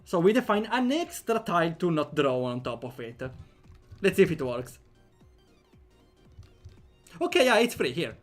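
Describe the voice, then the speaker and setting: A young man with an Italian accent talks casually through a programming livestream. His voice sits a little high, and he jokes and laughs freely with his viewers. Faint music plays quietly behind him. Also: big pitch swings, moderate pace, pauses often. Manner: chatty and playful, laughs often, jokey asides. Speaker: game developer streamer.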